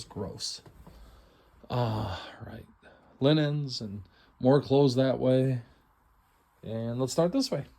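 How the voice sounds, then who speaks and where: Inside a house, a middle-aged man walks through the rooms giving a relaxed, excited preview before an estate sale. He's talkative and self-deprecating, and his medium-pitched voice has a warm tone.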